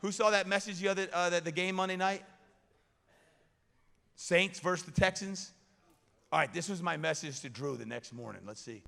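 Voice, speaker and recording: A man giving an energetic motivational chapel talk, leading call-and-response with a crowd in a school hall. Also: high voice, normal speed, vocal fry, pauses often. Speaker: chapel guest speaker. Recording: echoey hall reverb.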